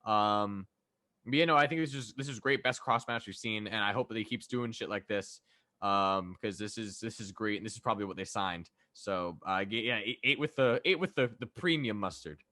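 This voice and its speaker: A man's voice: on the low side, normal speed, bright, forceful tone, no echo. A man co-hosting a casual podcast, rambling with heavy swearing and lots of fillers. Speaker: podcast co-host. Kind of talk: casual chat.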